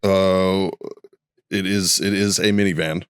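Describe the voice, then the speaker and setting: A man's voice: deep voice, fairly even intonation, takes it slowly, smooth, no room sound, studio quality. A man co-hosting a podcast, bantering in a blunt, profane, joking way. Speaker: podcast co-host. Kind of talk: casual banter.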